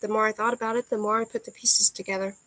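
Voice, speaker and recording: A woman reading a first-person novel aloud in a soft, earnest storytelling manner. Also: medium pitch, little pitch movement, quick pace, poor audio. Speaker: audiobook reader.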